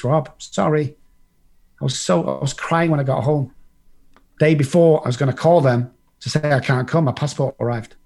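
A man's voice: mid-range voice, vocal fry, a little mellow. An English man telling his life story in a blunt, casual way, swearing freely and acting out what other people said. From England.

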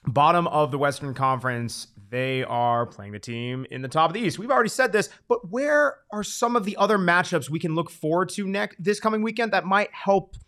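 A man's voice: fairly high pitch, expressive, a little fast, hardly any pauses, fairly bright tone. A man co-hosting a casual soccer podcast, chatting conversationally and steering topics along. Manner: conversational, with frequent fillers and agreement. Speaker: podcast co-host. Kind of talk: casual soccer preview chat.

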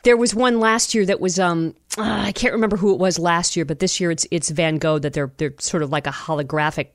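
Woman podcast co-host, chatty and excitable, laughs easily, dry close mic. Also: on the low side, fairly quick, no echo. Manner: animated, laughs often, rambling asides. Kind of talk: casual chat.

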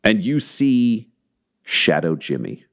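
A man narrating as game master, telling the story slowly and theatrically and building tension. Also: lowish voice, sing-song. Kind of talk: dramatic tabletop narration.

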